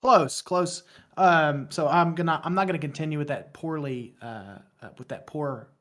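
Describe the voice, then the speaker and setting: A man in his thirties with a West Virginian accent, talking casually as a podcast guest. His voice sits a little higher than most men's, and he rambles, restarts his sentences and plays himself down. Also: normal speed, a bit bright. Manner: rambling, self-deprecating, stumbles and restarts often. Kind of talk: casual interview chat.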